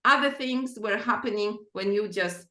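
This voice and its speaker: A woman's voice: medium pitch, normal speed, sharp tone, roomy sound. A woman guest on a podcast, telling anecdotes earnestly in slightly non-native phrasing. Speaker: guest, author and practitioner. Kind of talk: casual conversation, storytelling.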